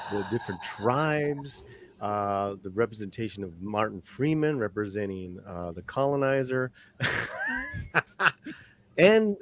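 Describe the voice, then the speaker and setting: Guy hosting the panel, easygoing, jokes around, middle pitch voice. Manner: relaxed, joking, sprinkles in Spanish. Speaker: panel host. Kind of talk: casual panel discussion.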